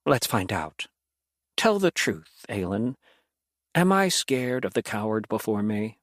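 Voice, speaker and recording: A man's voice: on the low side, big pitch swings, slow, dry recording, studio quality. A man playing a smug mocking demon. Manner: taunting, amused.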